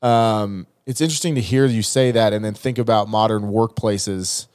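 Guy hosting a chat, rambles a bit, lowish voice. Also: fairly even intonation, moderate pace, a little mellow, smooth, dry recording, clean studio sound. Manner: rambling, hesitant, laughs along. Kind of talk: casual chat.

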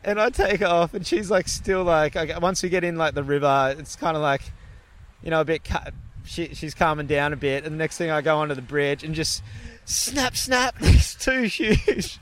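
An animated young man spinning a yarn, his voice sitting a bit high for a man. He swears freely and laughs his way through the telling, in a loose, casual chat. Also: fairly quick. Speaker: guest telling a story. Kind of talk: casual storytelling.

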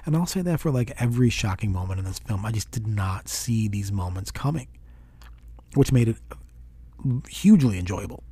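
Male film reviewer, low mellow husky voice, rambling and animated. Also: moderate pace, dry recording. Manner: rambling, frequent restarts, animated retelling. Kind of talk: casual film review monologue.

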